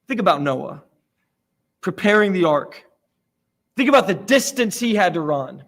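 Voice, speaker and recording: High-ish voiced guy from florida preaching, chatty and self-deprecating, church sermon. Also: big pitch swings, measured pace, a bit bright. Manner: conversational storytelling, self-deprecating. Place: church sanctuary.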